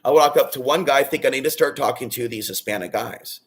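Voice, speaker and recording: A man talking straight to his viewers in a loud, booming, rambling monologue that swings between excited bursts and low, hushed stretches. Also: fairly quick, breathy edge. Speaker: vlogger.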